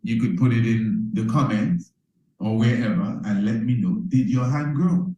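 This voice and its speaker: A man's voice: mid-range voice, measured pace, warm tone. A man giving a motivational teaching talk, preacherly, repeating phrases and checking in with "you understand?". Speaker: priest teaching a self-improvement course. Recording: roomy echo.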